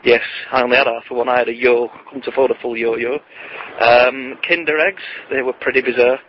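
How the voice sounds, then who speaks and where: Rambling joke-teller. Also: male voice, medium pitch, fairly quick, dull audio, slight background noise. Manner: chatty, deadpan, puts on voices for joke characters. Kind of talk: rambling joke-telling vlog. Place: outdoors on a walk.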